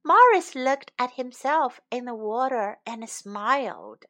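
A woman storyteller reads a children's picture book aloud. Her voice is high and lively, and she takes it at an unhurried, carefully clear pace. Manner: slow, clear and expressive. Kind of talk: bilingual children's story reading.

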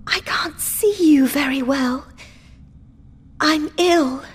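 A woman's voice: high-pitched, takes it slowly, voice pushed up. Woman reading as a frightened dying young woman. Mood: weak, fading. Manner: breathless, pleading. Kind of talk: storybook reading.

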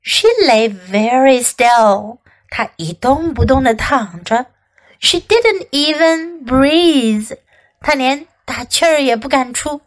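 A woman English teacher reading a picture book aloud in two languages and repeating sentences for practice, slow and expressive. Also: high voice. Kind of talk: bilingual storybook reading and lesson.

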